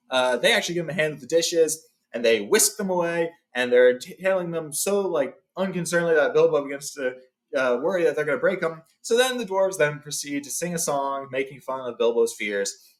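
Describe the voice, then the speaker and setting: A man hosting a casual read-along, retelling a story in a chatty way with fillers and self-corrections. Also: a little high. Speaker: host reading a book aloud.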